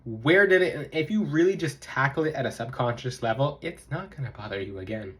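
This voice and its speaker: A young man talks straight to his viewers about spiritual self-help in a casual, emphatic way. His pitch swings widely, and he keeps circling back to repeat his point. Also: brisk. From South Florida. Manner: animated, emphatic, repeats key phrases, mimics others in high voices. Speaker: spiritual vlogger. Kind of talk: casual advice monologue to camera.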